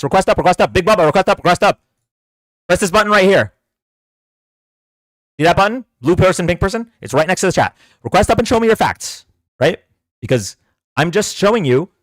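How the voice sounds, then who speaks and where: A man with a high voice hosts a livestream political debate, delivering a heated rant that's combative and sarcastic as he taunts viewers to come on and argue. There's no echo.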